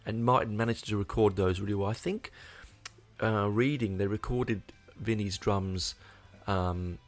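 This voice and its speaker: A man's voice: lowish voice, steady tone, a little slow, faint music behind. A man casually reviewing a record, rambling and swearing with plenty of restarts and enthusiasm. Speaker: album reviewer. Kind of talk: casual spoken album review.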